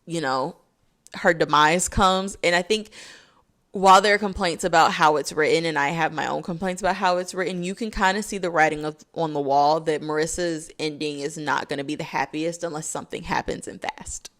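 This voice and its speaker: A woman's voice: deep voice, a little fast, a bit bright. A young woman talking through a casual video essay, chatty and full of "like"s. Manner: chatty, filler-heavy, with many "like"s.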